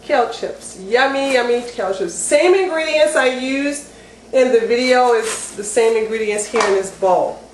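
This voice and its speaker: Upbeat woman doing a home cooking demo, kinda high voice, chatty, roomy echoey kitchen. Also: moderate pace. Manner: chatty and enthusiastic, growing excited. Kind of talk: casual how-to demonstration. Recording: roomy echo with faint background noise.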